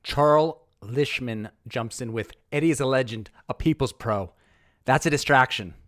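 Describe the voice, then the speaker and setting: A medium-pitched man with a fairly bright tone speaks at normal speed as host of his own golf channel. He narrates a story and reads tweets aloud with sarcastic, mock-dramatic flair.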